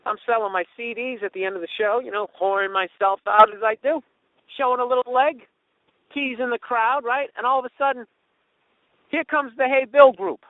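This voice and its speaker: Comic host, high voice, swearing storyteller, tinny dry lo-fi sound. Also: male voice, normal speed, no room sound. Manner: profane, animated, does mocking voices of others. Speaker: comedian podcast host. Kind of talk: storytelling monologue.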